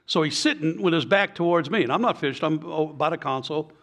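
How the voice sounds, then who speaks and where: A man's voice: on the high side, fast, fairly bright tone. A middle-aged man, a fishing guide giving blunt, folksy advice and telling stories in a casual talk.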